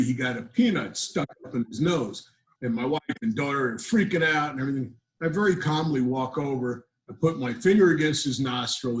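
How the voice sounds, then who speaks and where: An older man, a grandfather, doing a stand-up set over a video call in a dry, deadpan storytelling manner. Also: medium pitch, rough recording. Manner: deadpan storyteller with self-deprecating asides. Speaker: comedian.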